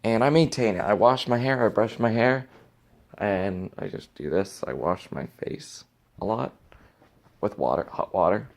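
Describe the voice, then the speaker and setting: A man's voice: lowish voice, expressive, unhurried, vocal fry. A young man venting in a casual home vlog, ranting with exasperation and swearing freely, recorded in his bedroom. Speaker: vlogger.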